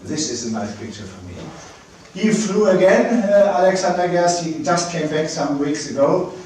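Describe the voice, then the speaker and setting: A man giving a public lecture with slides, speaking hesitantly with many pauses and restarts. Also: high voice, lively intonation, darkish tone, slight background noise. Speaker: space agency director giving a public lecture. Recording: very echoey hall, mic at a distance.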